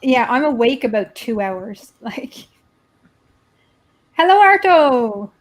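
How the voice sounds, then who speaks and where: A woman with a Dublin Irish accent, hosting a relaxed chat. Her voice sits on the higher side, and she often stammers and repeats herself as she talks. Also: a little slow. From Ireland. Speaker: host. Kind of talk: casual chat.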